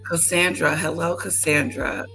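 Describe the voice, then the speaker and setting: A woman's voice: low-pitched, fairly even intonation, unhurried, gravelly, sharp tone, soft background music. A woman hosting a casual livestream, chatting to viewers and repeating greetings to them. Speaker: livestream host. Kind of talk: casual live-stream chat.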